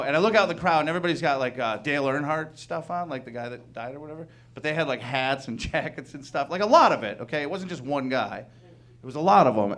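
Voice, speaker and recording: A young man doing a stand-up comedy set, loud and animated, laughing through his punchlines. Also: a little high.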